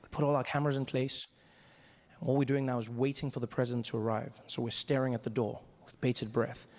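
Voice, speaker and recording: A male stand-up comedian from Africa telling a story in an animated way, his voice climbing into frantic high bursts. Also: a little fast.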